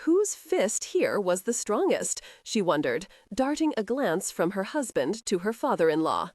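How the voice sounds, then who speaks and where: A woman narrating a historical romance audiobook with expressive scripted storytelling. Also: mid-range voice, measured pace, no echo, studio quality.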